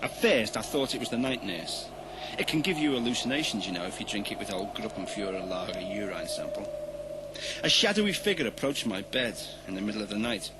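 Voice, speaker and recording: A man from London with a London accent, delivering a comic monologue in a ranting style that swings from deadpan to shouting. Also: on the low side, noisy background. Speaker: comedian.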